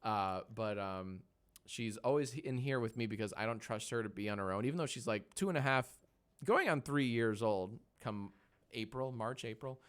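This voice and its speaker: In a mid-range voice at a normal pace, a man in his thirties hosts a laid-back stream from his home editing room. He banters with chat, runs polls, and baby-talks softly to his dog.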